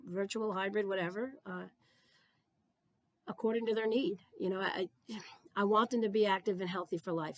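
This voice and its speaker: A woman's voice: medium pitch, no echo. An older woman from New Jersey, a retired physical education supervisor, giving an earnest, conversational keynote talk and repeating key phrases for emphasis.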